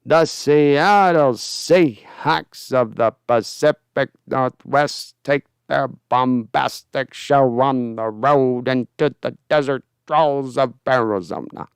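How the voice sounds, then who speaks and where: A man puts on a pompous veteran sportscaster with a grand, stately cadence. The delivery is very slow and slightly low, and the sound is clear and dry. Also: dry recording. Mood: grandiose.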